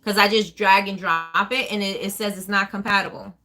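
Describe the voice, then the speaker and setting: New Jersey woman, business owner hosting a live chat, rapid and rambling, bright tone. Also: mid-range voice, steady tone. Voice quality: fast-talking, rambling with many ums. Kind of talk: casual live chat answering viewers.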